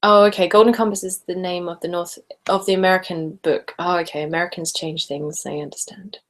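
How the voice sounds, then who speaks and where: A woman's voice: fairly low pitch, fairly even intonation, fairly quick. Giggly woman chatting on a live stream. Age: late 20s. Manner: chatty and giggly, often laughing mid-sentence. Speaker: ASMR channel host. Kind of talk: casual live-stream chat reading viewer comments.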